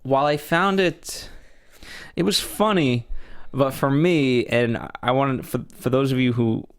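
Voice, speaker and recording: A man's voice: medium pitch, unhurried, clear, resonant tone. A man co-hosting a movie review show, talking casually and rambling with frequent restarts. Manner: rambling, with many restarts, animated. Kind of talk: casual film review chat.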